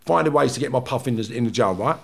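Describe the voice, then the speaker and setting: Gravelly blunt London man, swearing. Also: mid-range voice, expressive, fairly bright tone. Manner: blunt, swearing, rapid restarts, acts out confrontations. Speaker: guest, former prisoner. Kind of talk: heated podcast storytelling.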